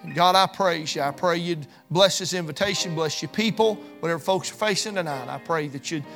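A man preaching a sermon at a church service, fervent and emphatic, then dropping to a hushed tone for the closing prayer. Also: fairly high pitch, fairly quick, gravelly, faint music behind. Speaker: pastor.

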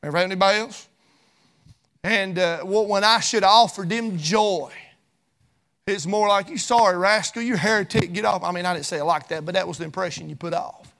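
A man preaching a sermon at a church service, fervent and emphatic, then dropping to a hushed tone for the closing prayer. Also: high-pitched, a little fast, gravelly. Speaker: pastor.

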